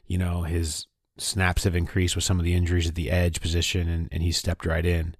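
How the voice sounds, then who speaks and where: A man's voice: sits low, flat delivery, normal speed, few pauses, dry recording, clean studio sound. A man hosting a casual sports podcast, talking in an enthusiastic, conversational way. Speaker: podcast host.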